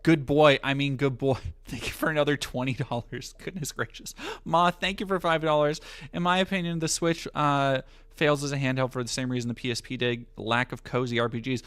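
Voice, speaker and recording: A man's voice: medium pitch, fairly even intonation, fairly quick, hardly any pauses, fairly bright tone, smooth. Profane, joking male streamer. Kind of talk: casual live-stream chat.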